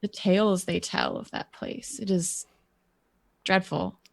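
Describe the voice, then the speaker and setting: A wary, cool-headed noble mother giving grave, quiet warnings, played by a woman in a tabletop game. Her voice is lowish with a gravelly edge. The sound is dry and close. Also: slow pace, no echo, exaggerated voice.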